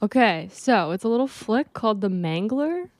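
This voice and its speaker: A woman's voice: mid-range voice, expressive, normal speed, no room sound, clean studio sound. A woman co-hosting a podcast, telling about a movie in casual chat with easy laughter. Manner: laughs easily, casual and chatty. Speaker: podcast co-host.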